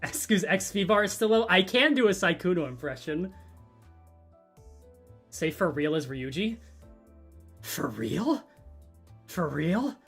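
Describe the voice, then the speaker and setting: A man's voice: high voice, normal speed, pauses often, fairly bright tone. A man streamer chatting casually, reading chat aloud and joking. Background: faint music.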